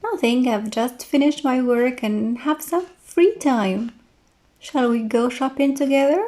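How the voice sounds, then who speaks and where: A woman's voice: sits high, measured pace, mellow. A woman voicing a cheerful young woman in a classroom example dialogue, speaking in an eager, inviting way.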